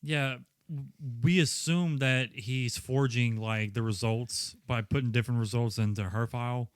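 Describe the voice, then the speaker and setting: A man's voice: mid-range voice, moderate pace, clean tone, dry recording. Male podcast co-host, easygoing, curses a lot, dry close sound. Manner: relaxed, profane, plot-recapping. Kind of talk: casual movie-review chat.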